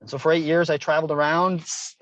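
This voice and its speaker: A man's voice: fairly high pitch, little pitch movement, fast, fairly bright tone, no room sound, low-quality recording. A middle-aged man, a guest author, telling a personal story with earnest feeling and acted-out dialogue. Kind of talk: interview storytelling. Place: Hilo, Hawaii.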